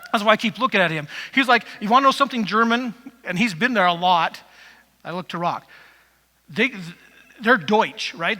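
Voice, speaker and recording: A man's voice: sits high, bright, forceful tone. A male pastor giving a conversational sermon in a church, rambling with asides to the congregation. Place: church sanctuary. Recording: long reverb of a church hall.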